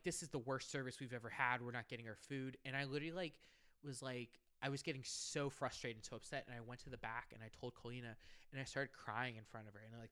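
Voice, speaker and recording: A young man hosting a podcast, telling rambling, animated work stories with swearing and laughter. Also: medium pitch, smooth. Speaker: podcast host. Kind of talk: casual storytelling chat.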